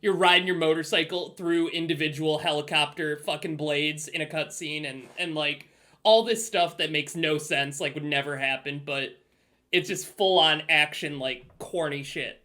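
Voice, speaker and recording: Bright, slightly high male podcast host. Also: moderate pace. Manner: relaxed, casual, swears freely. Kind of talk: casual podcast chat.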